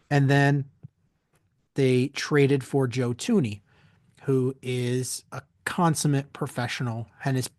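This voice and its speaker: A man's voice: medium pitch, darkish tone, no echo, studio quality. A man co-hosting a casual sports talk podcast, opening the show in an upbeat way. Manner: upbeat show opener, reads a sponsor spot. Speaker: podcast co-host.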